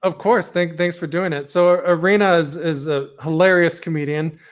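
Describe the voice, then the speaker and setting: Friendly male co-host, slightly high voice, laughs easily, video call. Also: steady tone, normal speed. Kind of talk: casual video-call interview.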